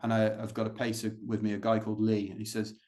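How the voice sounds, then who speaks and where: A man's voice: on the low side, little pitch movement, rapid-fire, darkish tone. British guy rambling about his races, loads of fillers, easygoing interview chat. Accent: British English. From Britain. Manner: rambling storytelling with many fillers. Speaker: guest, ultrarunner.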